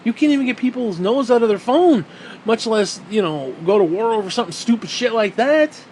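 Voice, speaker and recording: A man's voice: high voice, lively intonation, a little fast, a little mellow, a little hiss or hum, rough recording. Heated, sarcastic ranting man. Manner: heated, sarcastic, swears constantly; mocks others in put-on quoted voices. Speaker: vlogger. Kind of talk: profane ranting monologue.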